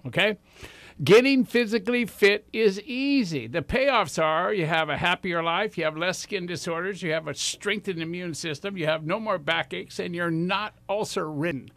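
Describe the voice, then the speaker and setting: A man's voice: high-pitched, vocal fry, fairly bright tone, no echo. A man in his sixties hosting a radio show, giving enthusiastic, rambling motivational talk straight to his listeners. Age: 60s.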